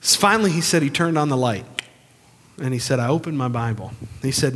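A man preaching a sermon, telling stories and swinging from booming to hushed. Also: expressive, a little fast, breathy edge. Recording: long reverb of a large hall.

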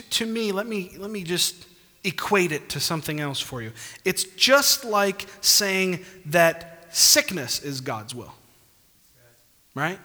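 A man's voice: a little high, sharp tone. A man pastor preaching a sermon emphatically, punctuating points with calls of amen, in a church hall. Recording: long church reverb.

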